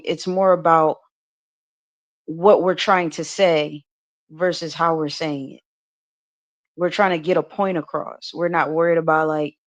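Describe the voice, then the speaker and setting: An American woman co-hosting a podcast, chatting casually, full of "like" fillers and restarts and laughing easily. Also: fairly low pitch. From United States. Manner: talkative, many restarts and "like" fillers, laughs often. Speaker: podcast co-host.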